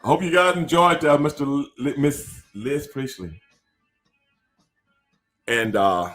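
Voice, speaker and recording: A male podcast host in casual conversation with a guest. He speaks at an ordinary middle pitch, stressing and repeating his points with hype and street slang. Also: big pitch swings, slow pace, long pauses, a bit bright, faint music behind. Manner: emphatic, repetitive, slangy hype talk. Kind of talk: casual interview chat.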